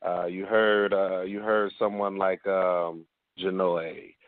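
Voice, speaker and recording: A man's voice: deep voice, level tone, takes it slowly, no echo. Rambling Chicago man on a phone line. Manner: rambling, many filler sounds and restarts. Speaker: panelist. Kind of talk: casual radio round-table chat. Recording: dry tinny phone line.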